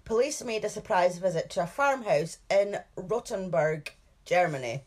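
A woman's voice: lowish voice, expressive, moderate pace. A woman co-hosting a podcast, chatting casually and narrating a case, laughing often and hedging over details. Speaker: true crime podcast co-host.

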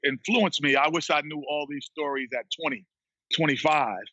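A man being interviewed who tells a story in a lively way, laughing and acting out what other people said. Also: fairly high pitch, normal speed, dry recording, lo-fi sound. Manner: animated storyteller who acts out quotes, laughs often. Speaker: guest, former basketball player and TV analyst. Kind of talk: casual storytelling chat.

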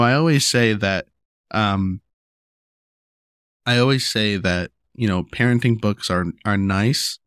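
A young man talking casually about raising his daughter, rambling and restarting, repeating "you know" and "right?", and going higher when he acts out what he tells her. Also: no room sound, clean studio sound. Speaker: father sharing parenting advice. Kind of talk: casual monologue to camera.

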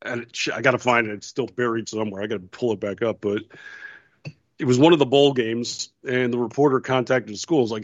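A man's voice: medium pitch, fairly even intonation, quick pace, dry recording. Man telling stories in dry, dull audio. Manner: storytelling, quotes others with laughs. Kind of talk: casual chat.

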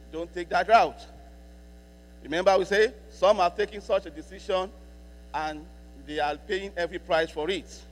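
A man preaching a sermon as a pastor, repeating key lines for emphasis and slowing down to read scripture. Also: fairly high pitch. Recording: long hall reverb with mains hum.

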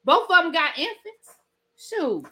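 A woman hosting a casual celebrity gossip podcast, talking in an animated, incredulous way with laughing asides. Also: extremely high pitch, unhurried. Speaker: podcast host.

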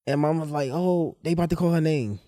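A young man hosts a podcast, telling stories with lively acted-out dialogue. His voice sits a little high for a man, recorded close and dry with no room around it. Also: fast, dry recording. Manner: animated storyteller, acts out dialogue. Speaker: podcast host. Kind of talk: casual storytelling chat.

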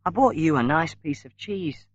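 A man voicing a tired older mother who speaks quietly and bitterly. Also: a little high, lively intonation, normal speed, no echo, muffled recording, voice pushed up.

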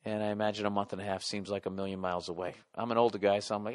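A man's voice: lowish voice, little pitch movement, racing, smooth. A middle-aged man hosting a podcast, reading listener letters aloud and answering them in a blunt, profane, rambling way. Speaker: podcast host.

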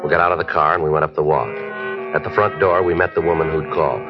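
Deep, clipped police narrator on old radio. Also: male voice, fast talker. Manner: clipped, flat, matter-of-fact. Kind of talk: 1950s radio drama narration. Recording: dull lo-fi old radio broadcast with music.

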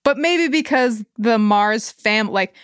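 A woman's voice: a little high, expressive, slow pace, clear, resonant tone, dry recording, studio quality. A woman co-hosting a podcast, recapping a TV show with wry, sarcastic quips. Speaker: podcast co-host. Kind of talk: casual TV recap chat.

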